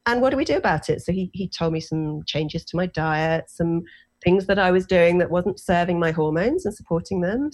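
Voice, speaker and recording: A woman in her forties with an English accent, telling her own story as a guest in a casual interview, animated and self-deprecating. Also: fairly low pitch. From England. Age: 40s. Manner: animated, self-deprecating, lots of fillers and restarts.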